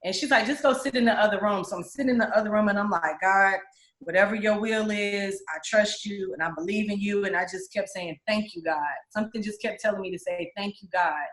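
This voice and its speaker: A woman, telling her story openly at a middle pitch. She slips into other people's voices as she recounts them. The recording carries a roomy echo. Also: brisk. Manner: candid, animated, acts out other people's voices. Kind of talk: personal storytelling interview.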